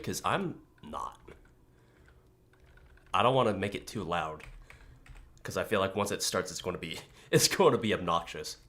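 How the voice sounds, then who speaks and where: Groggy man casually chatting on stream. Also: on the low side. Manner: relaxed and rambling, frequent throat clearing. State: groggy morning voice. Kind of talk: casual live-stream chat.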